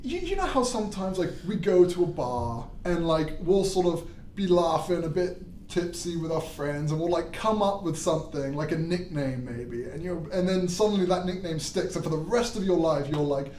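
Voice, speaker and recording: A man's voice: on the high side, animated, moderate pace, hardly any pauses, a little mellow, distant mic, a little hiss or hum. A man explaining things in a casual chat, laughing often. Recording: roomy sound, off the mic.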